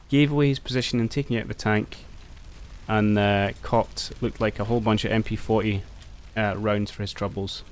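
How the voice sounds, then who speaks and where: A man with a fairly low voice talks through a tactical war game as he plays. He muses out loud, hesitates with ums, and addresses his soldiers like a coach cheering them on. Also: normal speed, slight background noise. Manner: thinks aloud, talks to his units, excited outbursts. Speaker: gameplay commentator. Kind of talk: casual let's-play commentary.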